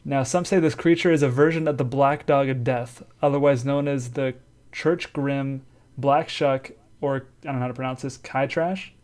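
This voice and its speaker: A man's voice: mid-range voice, fairly even intonation, normal speed, darkish tone. A man co-hosting a casual podcast, talking in a loose, chatty way and laughing easily. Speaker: podcast co-host.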